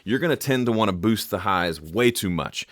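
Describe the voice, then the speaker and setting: A man's voice: fairly low pitch, moderate pace, no echo, studio quality. A middle-aged man explaining audio mixing in a casual, jokey way, now and then imitating sounds with his voice. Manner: animated, jokey, makes vocal sound effects. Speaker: music production teacher. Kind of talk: casual instructional talk to camera.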